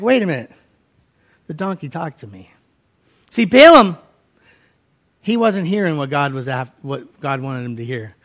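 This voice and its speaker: High, bright-voiced man preaching a sermon. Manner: storytelling, acting out voices in quotes; conversational, folksy. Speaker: pastor.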